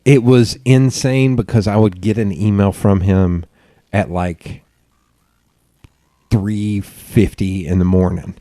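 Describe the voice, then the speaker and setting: A man hosting a podcast, telling stories in a loose, animated way, swearing freely and laughing often. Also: fairly low pitch, slow pace, dry recording, clean studio sound. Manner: laughs often mid-sentence. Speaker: podcast host. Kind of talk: casual chat.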